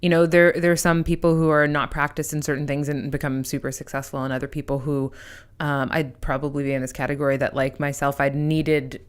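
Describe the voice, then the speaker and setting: A woman's voice: sits low, flat delivery, fairly quick, clean tone. A woman hosting a podcast, asking long, rambling questions in casual chat. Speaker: podcast host.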